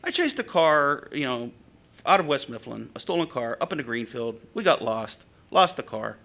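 A man's voice: normal speed, creaky. A middle-aged man, preaching a sermon and telling stories from his years as a police officer in a conversational way. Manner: conversational storytelling with lively pitch swings. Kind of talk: sermon with storytelling.

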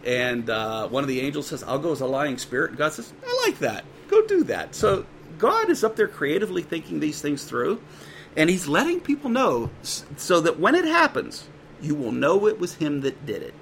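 A man preaching a sermon in a conversational way, with quick asides and dramatic quoted voices. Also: on the high side, sing-song, vocal fry, fairly bright tone, a little hiss or hum. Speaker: pastor.

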